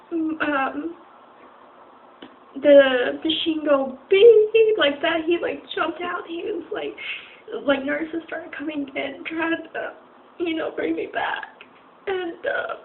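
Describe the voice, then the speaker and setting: Tearful young woman on a tinny line. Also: very high voice. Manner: tearful, halting, with many fillers and restarts. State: crying at times. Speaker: vlogger. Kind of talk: personal storytelling. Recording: tinny phone-like recording with faint noise.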